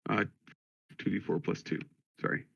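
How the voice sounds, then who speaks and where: A man playing in an online tabletop game, talking casually and bursting into loud enthusiasm. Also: normal speed, no echo, lo-fi sound. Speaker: player.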